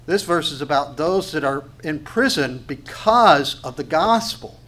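A man's voice: a little high, animated, measured pace, fairly bright tone. A man preaching a sermon, reading scripture, asking questions and answering them himself, and repeating phrases for emphasis. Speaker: pastor.

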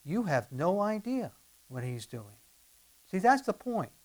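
A man preaching a sermon and reading scripture aloud, swinging from loud to soft and firing rhetorical questions at his listeners. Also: high-pitched, sing-song, measured pace.

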